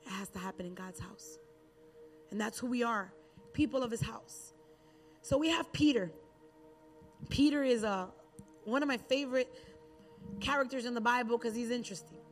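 A woman with a bright, high voice delivers a sermon as a relaxed, chatty story. A faint bed of music runs quietly underneath. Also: normal speed, long pauses. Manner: conversational storytelling with acted Bible quotes. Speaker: preacher.

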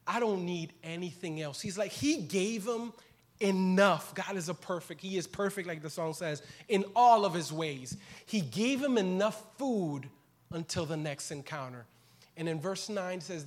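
A male pastor with a fairly high voice delivers a sermon. He works through the text, dropping low and soft, then climbing into loud, pressing questions to the congregation. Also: measured pace. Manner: impassioned, swings from quiet to loud.

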